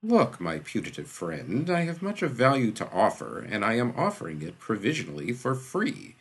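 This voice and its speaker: Voicing a dry, self-important middle-aged physician, a man talks in a precise, long-winded drawl while staying unruffled. It's a full character voice, on the low side and husky, with wildly swooping pitch at a normal speed.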